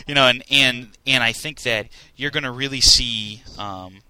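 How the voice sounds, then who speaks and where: Bright-voiced young man, laughing a lot. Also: mid-range voice, normal speed, few pauses, poor audio. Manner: laughs often, excitable storytelling. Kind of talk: casual chat.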